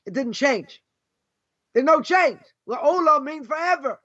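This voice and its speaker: A man with a Boston accent teaches an informal Torah lesson in a strikingly high voice. He argues through rhetorical questions and repeats his points for emphasis. The recording sounds dull and lo-fi. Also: animated, measured pace, pushed and bright. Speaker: rabbi teaching a class.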